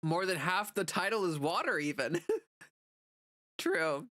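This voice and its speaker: Woman streamer, casual chatter with viewers; bright, forceful tone; dry recording. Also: on the low side, very animated, slow, no echo. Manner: chatty, answers chat messages, many "like" fillers. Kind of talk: casual livestream chat.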